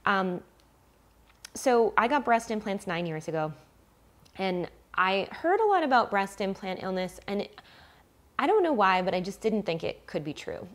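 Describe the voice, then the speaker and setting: A woman's voice: mid-range voice, sing-song, unhurried, fairly bright tone. A woman in her forties talking candidly to the camera at home about her own health, emotional and hesitant, with frequent ums and restarts, then reading a list of symptoms aloud item by item. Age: 40s. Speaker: vlogger sharing a personal health story. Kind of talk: casual personal vlog. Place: at home, messy room.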